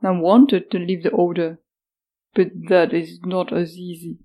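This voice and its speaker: A woman voicing a calm, earnest ex-boyfriend in an audiobook, speaking in a soothing, reasoning way. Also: fairly low pitch, unhurried, low-quality recording. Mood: calm, pleading. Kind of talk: audiobook character voice.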